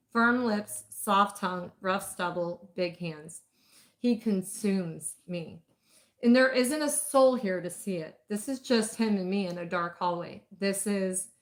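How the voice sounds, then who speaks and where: A woman narrates a first-person romance in an intimate, measured voice. Her pitch sits in the middle range. She reads at a steady storytelling pace. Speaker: audiobook reader.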